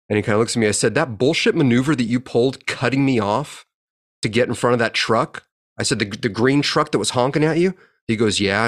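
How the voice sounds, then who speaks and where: A man in his forties telling a profane, animated story in a casual chat as a podcast co-host. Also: fairly low pitch. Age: 40s.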